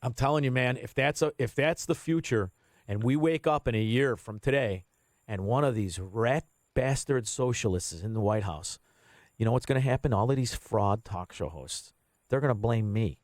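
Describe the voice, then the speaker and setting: A man's voice: medium pitch, normal speed, dry recording. A man hosting a political talk radio show, blunt and combative, swearing freely.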